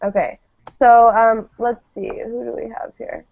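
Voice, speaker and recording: A woman teaching an online English class, explaining things patiently and pausing with frequent ums. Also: on the high side, flat delivery, gravelly. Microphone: video call. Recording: tinny phone-like call audio, dry.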